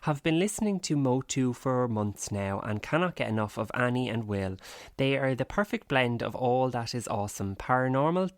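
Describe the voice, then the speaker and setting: Teasing podcast host, lively voice. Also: male voice, mid-range voice, normal speed, no room sound, studio quality. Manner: teasing, sarcastic, playful. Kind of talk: casual podcast banter.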